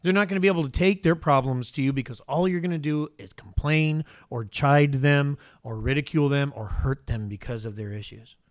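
A man who is a father, preaching as a pastor in an animated style, peppering the congregation with rhetorical questions. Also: on the high side, a little fast, few pauses. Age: adult father. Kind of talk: sermon.

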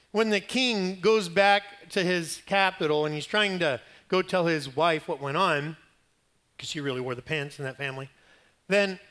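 A man preaching a sermon, telling a Bible story in a conversational, humorous way and acting out the quoted lines. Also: sits high. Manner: animated storytelling, acting out quotes, rising loud at climaxes.

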